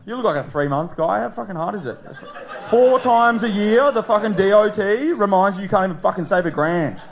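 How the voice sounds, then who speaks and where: A young Australian man with a high voice doing a stand-up set. He swears and grumbles in a self-deprecating way. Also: lively intonation, a little fast. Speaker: stand-up comedian.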